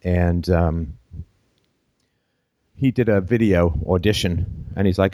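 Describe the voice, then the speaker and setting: A man with a very low voice hosts a call-in show, drifting through long anecdotes and chuckling along the way. The sound is dry and close, with no room around it. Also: measured pace, dark tone, dry recording. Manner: rambling, anecdotal storytelling with chuckles.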